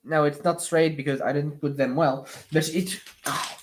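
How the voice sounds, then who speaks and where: A live streamer chatting casually while building with LEGO, answering viewer comments in slightly awkward non-native English, with lots of pauses and restarts. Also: medium pitch, fairly even intonation. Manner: hesitant, many fillers and restarts.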